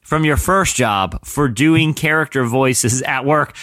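A man's voice: mid-range voice, takes it slowly, a bit bright, dry recording. A man hosting a podcast, chatting casually with a caller, joking and riffing on the guest's stories. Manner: jokey, laughing, riffs on the guest. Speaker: podcast host. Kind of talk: casual interview chat.

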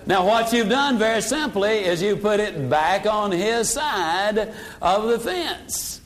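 An older man teaching a sales seminar in a folksy way, dropping his voice low for emphasis. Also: lively intonation, takes it slowly, hardly any pauses, a little hiss or hum. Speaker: sales trainer. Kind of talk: motivational seminar talk.

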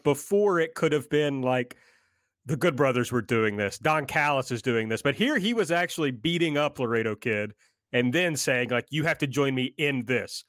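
A man's voice: a little high, a bit bright, no echo, clean studio sound. A man in casual podcast chat, running through recaps steadily. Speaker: podcast co-host recapping the show.

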